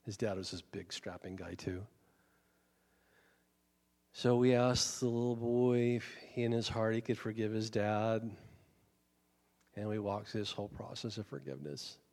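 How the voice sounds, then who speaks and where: Male pastor, sermon, casual storyteller, fry in the voice, echoey church. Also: on the low side, steady tone, measured pace, pauses often, a little mellow.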